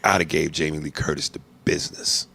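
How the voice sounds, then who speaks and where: A man's voice: very deep voice, steady tone, brisk, creaky, sharp tone, slight background noise. A man hosting a podcast, joking crudely and animatedly in casual chat, at times playing a bossy film director. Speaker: podcast host.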